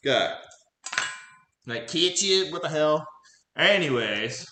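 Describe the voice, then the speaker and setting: A man's voice: a little high, animated, slow, reverberant, noisy background. A man chatting casually with his live chat while cooking at home, goofy and laughing often. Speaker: cooking streamer. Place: home kitchen.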